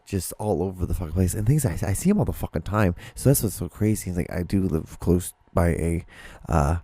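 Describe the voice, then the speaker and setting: Casting: male solo podcast host, low and very dark voice, loose rambling delivery with frequent restarts, close dry recording. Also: animated, fairly quick, breathy edge, dry recording. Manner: rambling, many restarts and swearing. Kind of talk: casual solo monologue.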